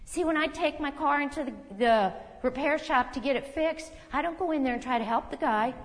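A woman preaching a sermon in a conversational, emphatic way, with quick asides and self-corrections. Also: high-pitched. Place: church hall. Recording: long hall reverb.

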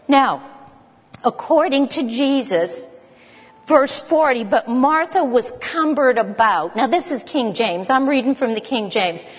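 A woman's voice: high-pitched, expressive, unhurried, breathy edge. Woman teaching a Bible study in a reverberant hall. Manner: conversational, with joking asides to the group.

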